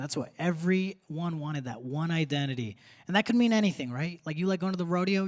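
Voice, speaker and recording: High-voiced young comedian on stage. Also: male voice, fast talker, big-room sound. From grew up in Texas. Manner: punchy, conversational delivery with crowd asides. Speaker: stand-up comedian. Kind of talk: stand-up set. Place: theater stage before a live audience. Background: audience laughter.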